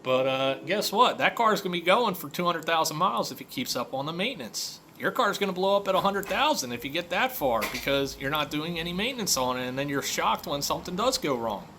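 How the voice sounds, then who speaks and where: Bright-voiced mechanic ranting casually. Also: male voice, fairly high pitch, big pitch swings, brisk, few pauses, slight background noise. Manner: conversational storytelling, many fillers. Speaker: auto repair shop owner. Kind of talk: casual monologue rant.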